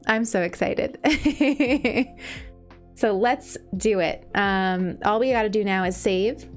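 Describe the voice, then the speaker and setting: A woman's voice: mid-range voice, clear, resonant tone. Young woman, live-stream chat, gushing and emotional, laughs at herself, faint music behind.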